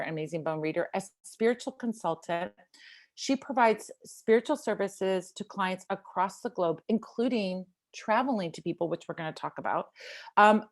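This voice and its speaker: A woman hosting a live video call, introducing her guest with effusive, enthusiastic praise. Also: mid-range voice. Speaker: host. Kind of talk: casual chat on a video call.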